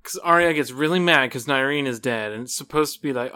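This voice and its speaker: A man's voice: fairly high pitch, animated, fairly quick, sharp tone. A man chatting casually as a podcast co-host, rambling and hesitant, with many restarts. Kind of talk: casual chat.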